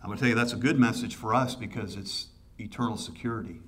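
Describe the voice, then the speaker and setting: A man's voice: lowish voice, fast talker. A man preaching an impassioned sermon. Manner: impassioned preaching that swells loud and urgent; direct address to listeners with rhetorical questions. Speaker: pastor.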